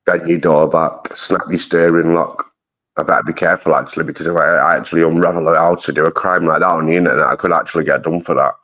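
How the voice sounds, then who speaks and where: A man's voice: low-pitched, steady tone, quick pace, fairly bright tone, lo-fi sound. A man with a Manchester accent hosting a live stream, rambling through casual chat with plenty of slang and swearing. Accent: Mancunian. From Manchester, England.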